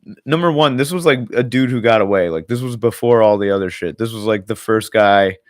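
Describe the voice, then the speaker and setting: Low-voiced swearing young man rambling. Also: a little fast, no room sound, studio quality. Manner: rambling, heavy filler words, swears a lot. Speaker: podcast co-host. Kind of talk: casual chat.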